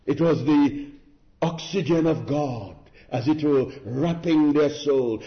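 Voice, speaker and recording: A man's voice: a little high, takes it slowly, echoey room, muffled recording. A man preaching a sermon in an earnest, exhorting manner, with rhetorical questions and emphatic repetition.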